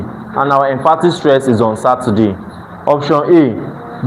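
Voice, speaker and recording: A man's voice: mid-range voice, a little slow, poor audio. A man with a Nigerian accent, teaching an evening exam-prep class, who keeps checking in with his students and restarts his phrases. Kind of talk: classroom lecture. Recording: faint background noise.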